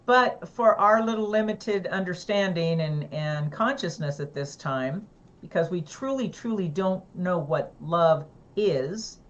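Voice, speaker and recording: A woman co-hosting a casual talk show, earnest and reflective, unhurried. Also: on the low side, muffled recording. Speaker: co-host. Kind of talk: casual chat.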